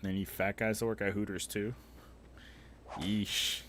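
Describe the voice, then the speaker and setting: A man livestreams casual chat, swearing constantly and telling crude jokes while rambling with fillers and restarts. His voice is lowish, flat, a little slow, and a bit bright, with slight background noise.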